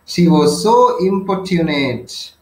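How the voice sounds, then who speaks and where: A man's voice: a little high, animated, takes it slowly, a little mellow, a little hiss or hum. A man with a Sri Lankan accent and Sinhala as his first language, tutoring a novel passage with strings of synonyms and constant tag questions. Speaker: English literature tutor. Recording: roomy echo.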